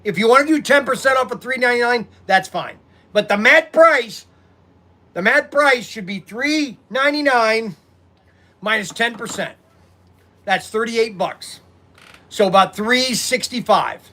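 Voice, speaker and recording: A man with a high, bright voice chats loosely with his viewers, rambling and animated. He runs a hobby shop and talks off the cuff into a phone on a tripod. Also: measured pace. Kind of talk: casual livestream chat.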